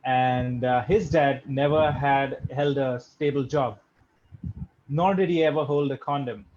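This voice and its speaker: A man's voice: medium pitch, fairly even intonation, unhurried, a little mellow, muffled recording. A young man from India doing a stand-up set online, with dry, self-deprecating jokes and chuckles. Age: young adult. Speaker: stand-up comedian.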